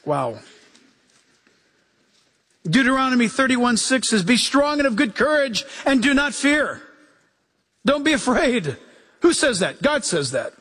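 A male pastor preaching a lively sermon, acting out quoted voices and chuckling as he goes. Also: very high voice, measured pace, pauses often.

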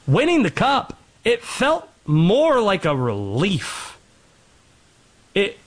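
Sports host, brisk talker, rattles stats with a high, lively voice. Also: male voice, poor audio. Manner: animated, quick rattling off of stats. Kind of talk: sports commentary monologue.

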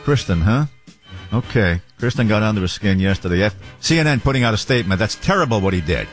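A man's voice: on the low side, lively intonation, faint music behind. A man hosting a talk radio show, making sardonic comments and reading listener texts. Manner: sardonic, does quick mock impressions, reads texts.

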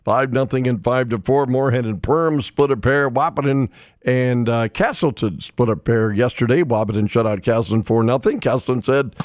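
A man's voice: medium pitch, normal speed, no echo. A man hosting a sports radio show, chatting casually and reading local scores with folksy asides into a studio microphone.

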